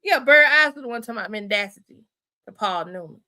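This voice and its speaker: Hosting a relaxed, chatty livestream, a woman speaks in a bright, ringing voice that's fairly high, animated, and quick. She thinks aloud, backtracks, and keeps addressing her viewers as "y'all" and "honey" in casual chat.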